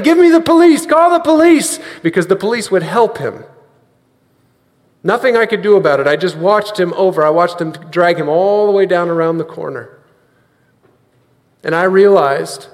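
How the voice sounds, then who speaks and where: A man with a high voice preaches an earnest sermon and has the congregation repeat lines after him. His words ring with the long reverb of a big church sanctuary.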